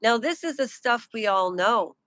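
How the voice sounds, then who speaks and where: A woman's voice: fairly high pitch, animated, fairly bright tone, no echo. A woman giving an indignant, mocking rant about celebrity gossip on a live stream. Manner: indignant, mocking, slows down to stress points. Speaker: pop culture commentator.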